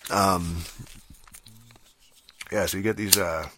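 A man's voice: low-pitched, fairly even intonation, slow pace, bright, forceful tone. A man ranting casually about gaming, profane and rambling, full of fillers and restarts. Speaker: gaming commentator. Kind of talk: casual rant.

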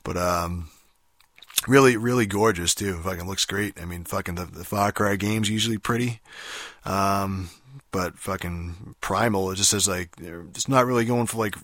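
Young guy on a podcast mic, deep voice but bright edge, dry sound, swears every other word. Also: moderate pace, dry recording. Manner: constant swearing, rambling, many fillers. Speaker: podcast host. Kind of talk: casual profane game review monologue.

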